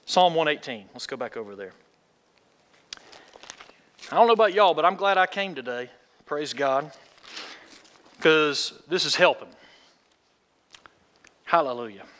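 A man's voice: on the high side, lively intonation, measured pace, pauses often, a bit bright. A man preaching a sermon in a folksy way, asking the congregation questions. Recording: long hall reverb.

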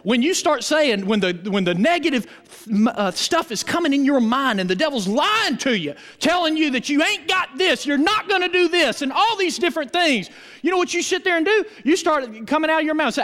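A male pastor preaching a sermon with animated, emphatic delivery and call-and-response with his congregation. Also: very high-pitched, a little fast, in a large hall. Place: church.

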